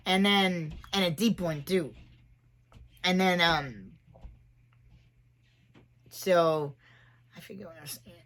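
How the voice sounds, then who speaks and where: A man's voice: sits high, slow, pauses often, fairly bright tone. A trans man in his forties hosting a casual livestream chat, rambling from thought to thought and laughing often at his own jokes. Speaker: livestream host.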